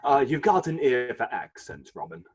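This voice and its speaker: An actor playing an inquisitive companion asking questions in an audio drama. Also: male voice, medium pitch, big pitch swings, normal speed, husky. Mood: curious.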